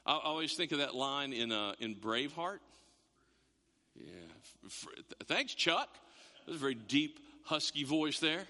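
Male pastor, high lively voice, bright tone; sermon in a reverberant sanctuary. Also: unhurried. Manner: animated, repeats words, acts out quotes. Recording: long hall reverb.

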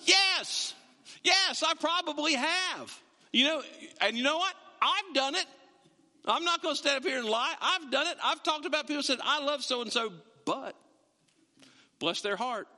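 A man's voice: very high-pitched, moderate pace, pushed and bright, big-room sound. A man preaching a sermon in a conversational, joking way, with emphatic bursts when he drives a point home. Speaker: pastor. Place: church sanctuary.

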